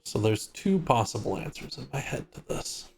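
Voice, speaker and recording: A man's voice: mid-range voice, big pitch swings, moderate pace, creaky, husky. Easygoing man running a tabletop game. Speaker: game master.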